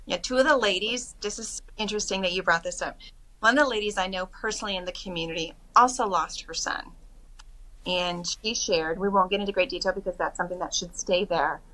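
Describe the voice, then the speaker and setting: A middle-aged woman, a podcast guest, chatting casually and telling animated stories about her retreats. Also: mid-range voice, fairly quick, rough recording. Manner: animated storytelling, quotes others in lively voices. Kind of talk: casual interview chat.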